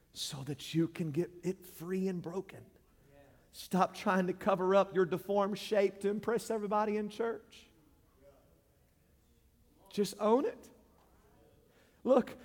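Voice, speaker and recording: A preacher in a church, his voice sitting very high as he swings from shouted exhortation down to near-hushed pleading. The sound rings with a long reverb from the hall around him. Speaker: pastor. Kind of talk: sermon.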